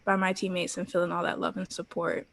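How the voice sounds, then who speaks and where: A woman in her thirties, a guest on an interview podcast, telling her story in an animated way full of "like" and quoted thoughts. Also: fairly low pitch, fast talker, gravelly. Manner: animated storyteller, quoting herself, frequent "like" and laughs. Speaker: interview guest, former pro cheerleader.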